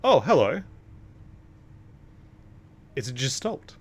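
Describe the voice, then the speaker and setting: A man's voice: medium pitch, sing-song, slow pace, husky, faint music behind. Wry young man streaming a game. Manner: wry, sarcastic asides. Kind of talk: casual gameplay commentary.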